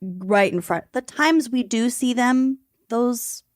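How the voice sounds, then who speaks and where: A woman's voice: fairly high pitch, slow pace, no echo, clean studio sound. A woman co-hosting a podcast in casual chat, talking in a giggly, self-deprecating way. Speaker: podcast co-host.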